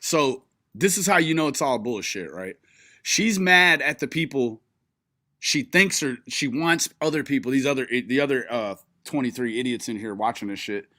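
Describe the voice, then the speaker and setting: This man, a streamer, swears and jeers at the live stream in front of him, laughing often as he goes. His medium-pitched delivery is animated, pushed and bright at an ordinary pace, captured in studio quality with no room sound.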